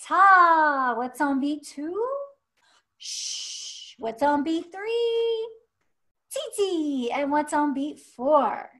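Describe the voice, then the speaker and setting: A woman's voice: high voice, lively intonation, takes it slowly, pushed and bright. A woman teaching a first-grade music class, upbeat and encouraging, chanting rhythm syllables and counting children in.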